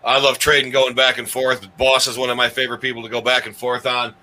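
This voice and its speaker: A man's voice: medium pitch, flat delivery, fast, sharp tone, slight background noise, low-quality recording. A man hosting a comedy countdown show, rambling with restarts and chuckling at his own jokes. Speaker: host.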